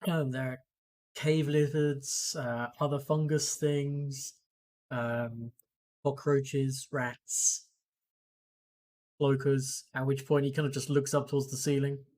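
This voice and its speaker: An easygoing game master narrates a tabletop role-playing game. The voice sits at a middle pitch and is dotted with ums and uhs. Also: slow pace. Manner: relaxed, many fillers.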